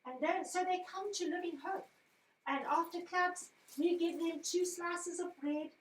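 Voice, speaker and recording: A woman's voice: very high-pitched, unhurried, slight background noise. A woman speaking expressively, as if telling a story to children in church. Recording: echoey room.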